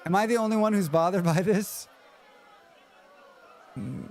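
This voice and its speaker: A man's voice: sits high, lively intonation, unhurried, a little mellow, soft background music, some chatter behind. A man streaming a game, chatting casually and muttering questions and reactions at the screen. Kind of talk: casual gaming commentary.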